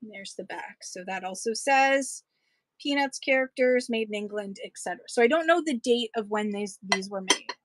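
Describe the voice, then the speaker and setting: A woman's voice: mid-range voice, normal speed, fairly bright tone, rough recording. A woman chatting casually and enthusiastically as she sells vintage items on a live stream, rambling between pieces. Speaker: live-stream online seller. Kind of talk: casual live-selling chat.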